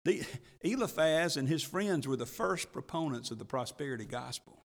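A man's voice: fairly high pitch, expressive, moderate pace, big-room sound. A man, preaching a sermon as pastor in a folksy manner, laughing often and stumbling over repeated words.

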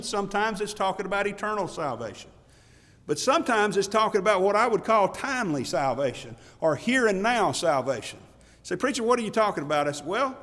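A man's voice: sits high, big-room sound. A man preaching a sermon from the pulpit, emphatic, repeating his questions and chuckling now and then. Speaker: pastor. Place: church pulpit.

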